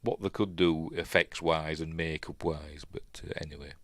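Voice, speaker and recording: Deep-voiced rambling Yorkshire man. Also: fairly even intonation, moderate pace, no echo, clean studio sound. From Yorkshire, England. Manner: rambling, chatty, lots of fillers, self-correcting. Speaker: host. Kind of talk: casual live commentary while watching.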